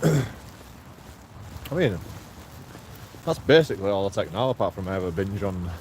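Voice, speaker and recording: A man's voice: low voice, expressive, a little slow, poor audio. A man vlogging as he walks outdoors. He rambles, swears, jokes and laughs at himself while talking to his viewers. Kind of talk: casual walking vlog, talking to viewers. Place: outdoors, walking through streets and a graveyard. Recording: loud wind noise on an outdoor mic.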